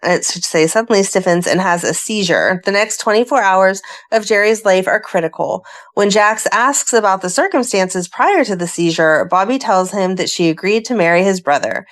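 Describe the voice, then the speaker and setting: A woman's voice: medium pitch, moderate pace. A woman co-hosting a fan podcast, reading plot summaries in a casual chatty way and breaking off into asides. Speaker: podcast co-host. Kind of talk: casual chat and recapping a soap plot.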